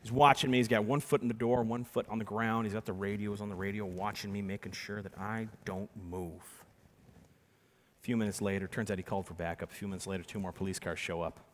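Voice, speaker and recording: A man, an animated storyteller giving a keynote talk, swinging from hushed to loud as he acts out the voices. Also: lowish voice, fast. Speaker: keynote speaker and magician. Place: large conference hall. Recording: reverberant conference hall.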